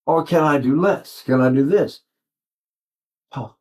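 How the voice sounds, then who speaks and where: Giving a casual singing lesson, an octogenarian voice teacher wanders from point to point and keeps stopping to demonstrate sounds himself. He speaks at a moderate pace in a slightly high voice with a darkish tone.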